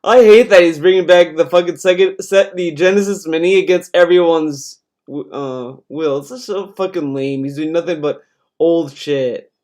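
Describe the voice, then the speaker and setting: A man's voice: fairly high pitch, moderate pace, darkish tone. A man streaming, mocking a video he plays, in casual sarcastic commentary with swearing.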